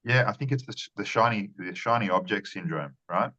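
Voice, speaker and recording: A man with a very low voice gives earnest interview answers. He often repeats words and restarts his phrases. The sound is dull and lo-fi. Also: brisk, sharp tone. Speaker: marketing strategist guest.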